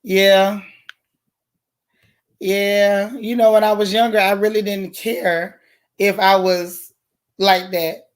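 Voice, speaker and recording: Hoarse lady on a livestream, chatty, talks right to her viewers, medium voice, reads out comments. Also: mid-range voice, little pitch movement, slow, pauses often. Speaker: livestream host. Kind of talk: casual live chat reading viewer comments.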